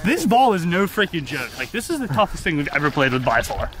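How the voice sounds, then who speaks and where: Animated high-voiced young man joking. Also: fairly quick, crowd noise, rough recording. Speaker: player. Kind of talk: casual chat between plays.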